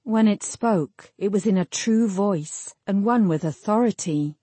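A woman narrating a fantasy novel in a measured, lyrical storytelling manner. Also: medium pitch, warm tone, husky, dry recording. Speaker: audiobook narrator. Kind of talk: scripted narration.

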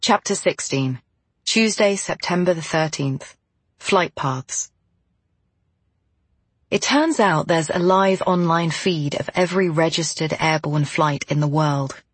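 A woman reading a first-person novel aloud as an audiobook narrator, in a steady, measured way. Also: low-pitched, slightly rough, no room sound.

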